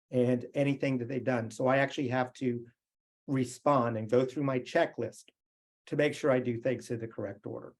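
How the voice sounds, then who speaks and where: This motivational keynote comes from a middle-aged American man whose voice is medium in pitch and darkish in tone. He keeps things conversational, telling stories and quizzing the audience.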